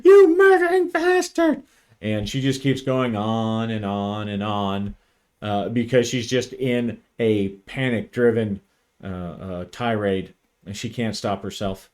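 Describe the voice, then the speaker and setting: A man's voice: fairly low pitch, steady tone, slow, darkish tone. A man narrating a solo tabletop role-playing session, thinking aloud with frequent restarts. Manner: thoughtful, hesitant, frequent restarts. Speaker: solo game player and narrator.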